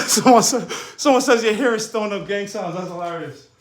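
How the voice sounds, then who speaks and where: Young New guy, high voice, animated motivational chat with plenty of laughs. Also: fairly quick, a little hiss or hum. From New York. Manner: animated, laughs often, slangy. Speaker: fitness coach and streamer. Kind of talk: casual motivational talk. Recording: echoey room.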